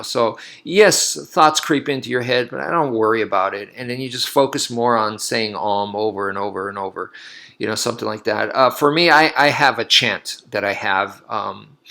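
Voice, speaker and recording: A man's voice: lowish voice, vocal fry. A man who teaches martial arts, talking casually in a loose, rambling way and acting out his own past reactions. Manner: rambling, animated storytelling with laughs. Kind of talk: casual monologue.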